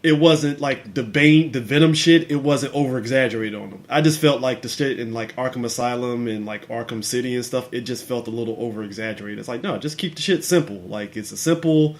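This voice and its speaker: A man's voice: medium pitch, brisk, few pauses. Laid-back man chatting about movies. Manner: laid-back, laughs often, swears casually. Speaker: podcast co-host. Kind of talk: casual chat.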